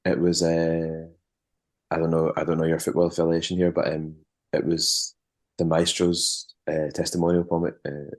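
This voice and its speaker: Deep-voiced Scottish man telling tour stories. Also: monotone, moderate pace. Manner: rambling anecdotes with frequent restarts and chuckles. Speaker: musician and former tour manager. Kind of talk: casual interview storytelling.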